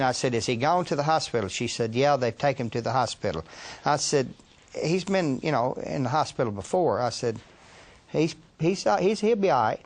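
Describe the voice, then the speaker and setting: A man in a documentary interview, recalling events hesitantly with many pauses and fillers. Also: medium pitch, animated. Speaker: interviewee, a relative.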